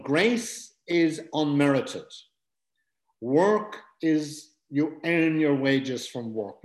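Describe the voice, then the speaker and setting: A man's voice: medium pitch, roomy sound, low-quality recording. A man preaching a conversational Bible teaching, talking plainly with frequent fillers and self-corrections.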